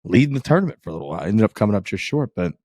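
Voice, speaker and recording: A man's voice: fairly low pitch, very animated, very fast, a little mellow, dry recording. Laughing man, dry close sound. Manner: enthusiastic rambling, laughs often, swears. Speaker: podcast co-host. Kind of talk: casual chat.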